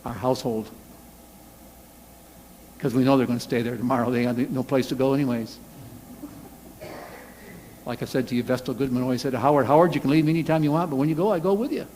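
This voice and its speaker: A man preaching a sermon as pastor, animated, acting out angry quotes in a loud voice. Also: mid-range voice, quick pace, pauses often, slight background noise. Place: church sanctuary. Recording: reverberant church hall.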